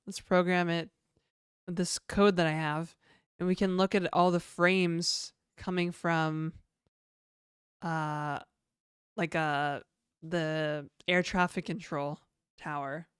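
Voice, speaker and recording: A woman voicing an eager male coworker who loves tech gadgets, in her own smooth voice. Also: fairly low pitch, fairly even intonation, slow pace, long pauses, no room sound, studio quality. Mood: excited.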